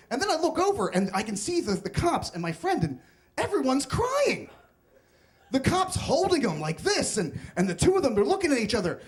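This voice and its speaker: Young guy on stage telling a funny story about himself, high voice that swoops all over. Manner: animated, comic, self-mocking. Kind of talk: live story slam telling. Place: stage at a live storytelling event.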